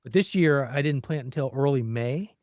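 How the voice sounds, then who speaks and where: A man's voice: mid-range voice, normal speed, a little mellow, no echo. A man hosting a podcast, chatting casually and animatedly about his garden. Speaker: podcast host.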